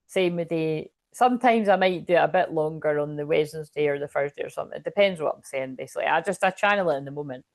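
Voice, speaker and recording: Scottish lady rambling thru a tarot reading, laughs a lot, kinda low voice. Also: fast talker, hardly any pauses, no room sound, studio quality. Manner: chatty and rambling, often laughing. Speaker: tarot reader. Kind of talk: casual tarot reading to camera.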